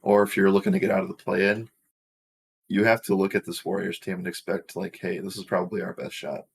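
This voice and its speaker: A man with a low voice talks sports casually as a co-host. He makes his case with numbers and firm opinions. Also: little pitch movement, brisk, gravelly, breathy edge. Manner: opinionated, builds arguments with stats. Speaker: co-host of a sports betting show.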